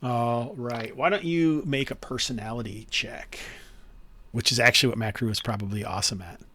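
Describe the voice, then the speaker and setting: A man's voice: mid-range voice, normal speed, pushed and bright, a little hiss or hum. A man running an online tabletop game as game master, explaining rules with many fillers and restarts. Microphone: headset or desk mic on a video call.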